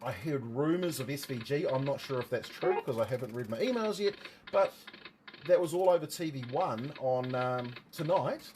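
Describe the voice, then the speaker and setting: A man with a New Zealand accent, a livestream host and motorsport commentator, rambles and jokes casually with his viewers, chatty and full of jokey asides. His mid-range voice is animated and darkish at normal speed, with slight background noise.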